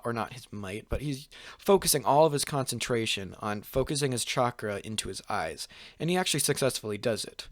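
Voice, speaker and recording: A man's voice: mid-range voice, no echo. A young man talking through a fan-made story off the cuff, looping back with filler words and restarting sentences as he goes. His voice is dry and close, with no room sound around it. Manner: rambling, full of "pretty much" and "like", frequent restarts. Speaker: channel host. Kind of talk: casual fan-fiction storytelling.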